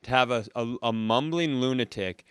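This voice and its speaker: A man's voice: medium pitch, normal speed, a bit bright, clear, resonant tone, no echo, studio quality. A man hosting a podcast, asking wry, jokey questions in casual chat. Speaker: podcast host.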